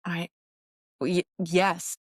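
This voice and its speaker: Candid, low-voiced woman podcast host. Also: flat delivery, no echo, clean studio sound. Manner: candid, self-deprecating, halting restarts. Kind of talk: casual chat.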